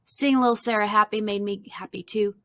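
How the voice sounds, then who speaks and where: A woman's voice: medium pitch, fairly even intonation, brisk, no room sound. Woman reading a storybook aloud.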